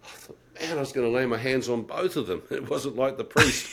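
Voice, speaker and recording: A man's voice: mid-range voice, moderate pace, a bit bright. A middle-aged man telling his life-changing testimony in a vivid, wry way. He laughs at himself and acts out his own thoughts. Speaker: guest telling his conversion story. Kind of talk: personal testimony storytelling.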